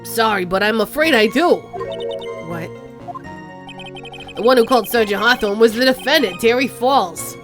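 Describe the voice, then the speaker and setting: A woman voicing a calm, confident male prosecutor in a game courtroom. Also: a little high, moderate pace, pauses often, music in the background, lightly acted.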